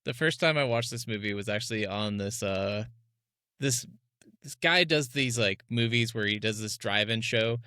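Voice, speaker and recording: Bright-voiced, laughing podcast man. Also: lowish voice, moderate pace, clean tone, no echo, studio quality. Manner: laughs a lot, bubbly and chatty. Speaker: podcast co-host. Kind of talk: casual podcast chat.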